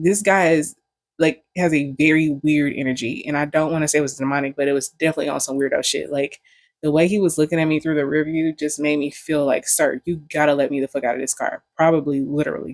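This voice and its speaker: A woman's voice: low voice, no echo. A young woman vlogging, telling stories in a candid, joking way full of profanity. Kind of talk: casual storytelling.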